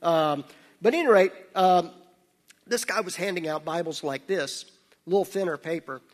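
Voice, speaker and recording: A man giving a sermon, telling stories with laughter and dropping to a hushed voice for serious parts. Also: sits high, normal speed. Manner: anecdotal, laughing, drops to hushed tones for serious moments. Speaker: missionary speaker. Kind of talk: sermon with storytelling. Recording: long hall reverb.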